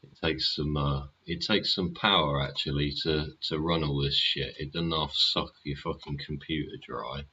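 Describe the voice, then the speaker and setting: Very deep-voiced sardonic streamer. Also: male voice, steady tone, normal speed, few pauses, bright, forceful tone, dull audio, a little hiss or hum. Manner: chatty, sardonic, swears a lot, asks rhetorical questions. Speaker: livestream host. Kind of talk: casual live-stream commentary.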